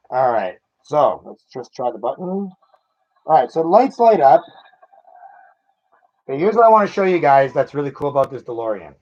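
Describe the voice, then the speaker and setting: A man's voice: medium pitch, big pitch swings, normal speed, long pauses, muffled recording. A man chatting casually while unboxing a collectible toy car, self-mocking and laughing at himself.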